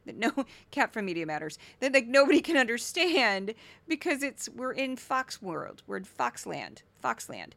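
A woman in her forties from Missouri hosts a solo commentary podcast. She talks in an animated, sarcastic, goofy way. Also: on the high side, normal speed, gravelly. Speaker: podcast host.

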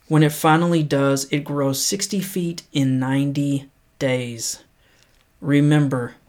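A man hosting a podcast, talking through news stories in a conversational way and slowing down to read quotes aloud. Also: medium pitch, steady tone. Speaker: podcast host. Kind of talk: news roundup and motivational quotes.

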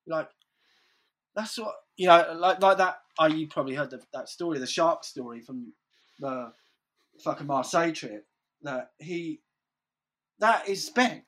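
A man's voice: on the high side, animated, a little slow, pauses often, fairly bright tone. Rambling man swearing freely. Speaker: guest telling stories. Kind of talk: casual storytelling chat.

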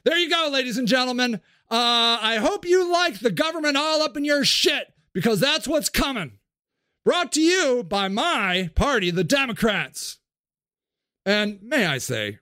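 A man's voice: very high-pitched, sing-song, normal speed, pushed and bright, no echo, clean studio sound. A man hosting a podcast, delivering an impassioned, profane spoken-word monologue. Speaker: podcast host.

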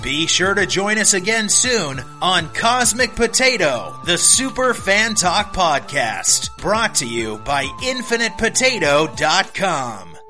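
High, lively man reading a slow outro. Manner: measured, promotional. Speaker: podcast host. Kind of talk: scripted outro. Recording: music bed under voice.

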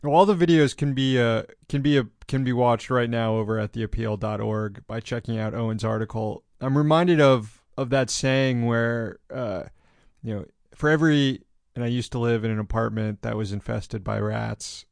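A man's voice: mid-range voice, steady tone, normal speed, vocal fry, no room sound. A male podcast host talking casually in an interview, reflective and cursing offhandedly.

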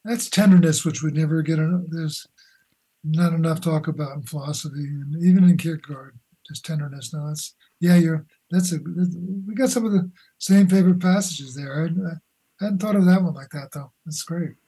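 An older man, a philosopher guest on a remote call, talking in halting, searching sentences with many restarts. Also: a little high, fairly even intonation, warm tone, husky, low-quality recording. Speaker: guest, philosopher and boxing coach. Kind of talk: conversational interview.

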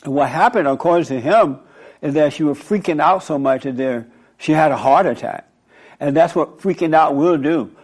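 A male radio host tells a long, meandering story and moralizes about it as he goes. His voice sits a little high for a man. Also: moderate pace, darkish tone, husky. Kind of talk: preachy radio monologue.

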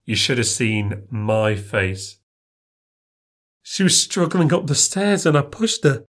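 A man voicing a frightened, guilt-ridden young man who pleads in a high, panicky voice. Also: slow pace, natural voice. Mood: confessing.

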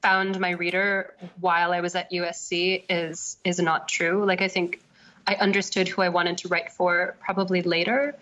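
A woman's voice: lowish voice, level tone, normal speed, a bit bright. A woman novelist being interviewed, thinking aloud in a casual, hesitant way with many fillers. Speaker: novelist guest. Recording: slightly dull lo-fi sound.

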